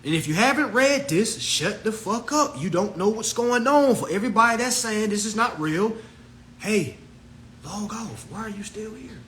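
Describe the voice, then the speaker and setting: A man hosts an animated, profane and preachy talk about law, and mimics others in shrill voices. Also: moderate pace, a little hiss or hum. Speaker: host. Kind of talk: livestream talk.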